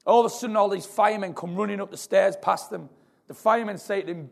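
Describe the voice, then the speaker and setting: A man preaching an earnest, repetitive sermon in a church, his voice gravelly. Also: sits high, fast talker. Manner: earnest, repetitive, building in intensity. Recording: long hall reverb.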